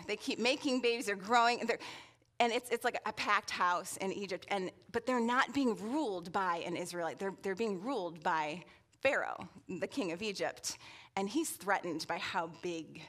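A woman's voice: fairly high pitch, fairly bright tone. A woman preaching as a guest speaker in a church, playful and chatty, often asking the room questions. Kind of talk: sermon with audience interaction. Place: church sanctuary.

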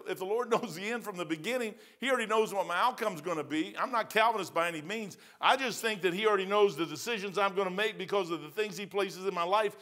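A man's voice: high voice, fast talker, few pauses, pushed and bright. A male pastor with a Midwestern American accent, preaching a verse-by-verse sermon in a folksy, emphatic way with colloquial phrasing. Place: church sanctuary.

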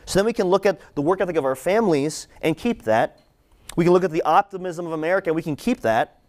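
A young man giving a conversational sermon-style talk to students, animated and repeating phrases for emphasis. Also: high-pitched, quick pace. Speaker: campus ministry speaker.

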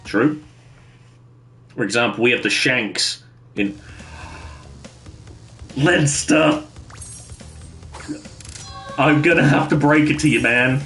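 A man's voice: mid-range voice, fairly even intonation, takes it slowly, pauses often, bright, forceful tone, soft background music. A man chatting casually with his viewers while streaming a game from his bedroom, laughing often and bantering with the chat.

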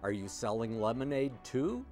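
A man's voice: mid-range voice, big pitch swings, normal speed, darkish tone, faint music behind, close to an everyday voice. A man voicing a cheerful, confident little boy in a storybook, teasing and playful.

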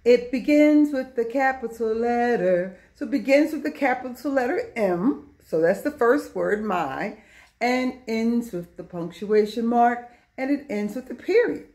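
Middle-aged lady teacher talking to little kids, higher voice, really slow and sing-song. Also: lively intonation, a little mellow. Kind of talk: children's lesson.

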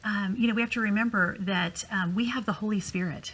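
Middle-aged woman, bright tone, affirming panelist on a Christian talk show. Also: mid-range voice, steady tone, a little fast, poor audio. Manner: warm encouraging, many affirming murmurs. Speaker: discussion panelist.

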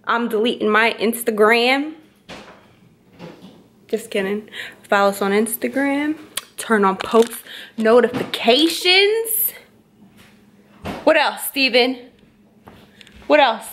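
A woman's voice: on the high side, expressive, takes it slowly, long pauses, fairly bright tone, slight background noise. A young woman, teasing her boyfriend in a casual prank vlog and asking the same questions again and again. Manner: teasing, playful, repeats questions. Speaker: vlogger.

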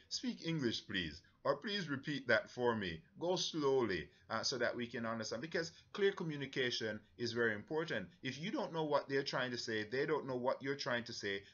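Jamaican guy briefing church folks on a trip, earnest, lots of uh's, bright voice, kinda dull recording. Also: mid-range voice. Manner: earnest, halting with many fillers. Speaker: mission trip leader.

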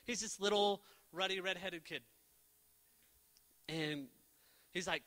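A young man preaching a casual, joking sermon, telling the story with lively energy and jumping into quick quoted voices for the characters. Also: sits high. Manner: jokey. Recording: long reverb of a church hall.

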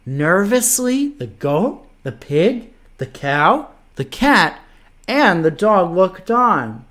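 A man reading a picture book aloud to children, playful and animated, stopping to make animal noises. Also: sits high, takes it slowly. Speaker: children's story reader.

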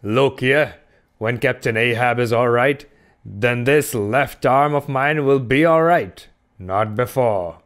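A wild, ragged old sailor prophet, voiced by a male reader in an audiobook. He speaks slowly and with grim insistence, dropping into salty old dialect. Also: mid-range voice, fairly bright tone, voice pushed up. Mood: ominous. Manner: earnest, darkly insistent, old-salt dialect.

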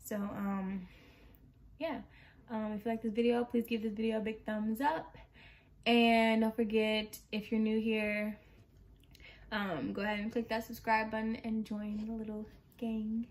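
Young woman, pregnant, a bit out of breath, rambling casual chat, somewhat high voice. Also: level tone, a little slow. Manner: chatty, rambling, laughs often. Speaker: vlogger.

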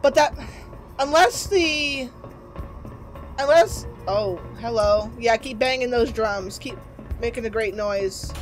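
Over soft background music, a slightly high female voice moves at a slow pace with long pauses. The game streamer plays a horror game and gives let's play commentary, casual and reactive, with jokes and swearing.

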